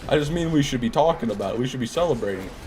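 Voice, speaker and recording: A man's voice: mid-range voice, expressive, very fast, a little mellow, a little hiss or hum. A man streaming a game and chatting casually with his viewers, joking and sarcastic as he reads their messages. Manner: joking, sarcastic banter with chat. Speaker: streamer reading chat. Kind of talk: casual live-stream commentary.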